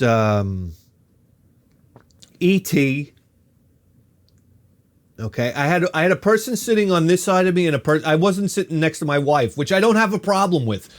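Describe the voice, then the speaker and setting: A man in his fifties telling a rambling comic story as a vlogger, animated and quick to swear, jumping from one tangent to the next. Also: on the high side. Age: 50s. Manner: animated, swears freely, jumps between tangents.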